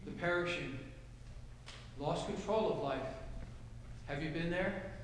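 A male pastor preaching a sermon, swinging from low, soft passages to loud shouted cries. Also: slow, slight background noise. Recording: echoey hall with long reverb.

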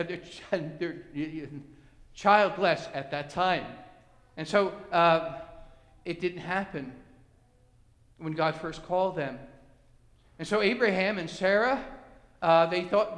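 Male pastor, high voice, earnest sermon delivery, recorded in a roomy reverberant hall. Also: fairly bright tone. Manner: earnest preaching with dramatic rises, restarts and fillers. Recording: echoey hall with long reverb.

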